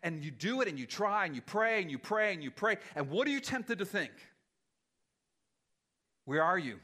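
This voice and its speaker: Male pastor, sermon, conversational, self-deprecating, fairly high voice, bright tone. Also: very animated, brisk.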